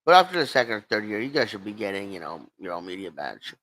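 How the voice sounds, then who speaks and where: A man's voice: on the low side, very animated, fast, fairly bright tone, low-quality recording. Easygoing American man co-host. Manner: short agreeing replies, "you know" fillers. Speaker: podcast co-host. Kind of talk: casual chat.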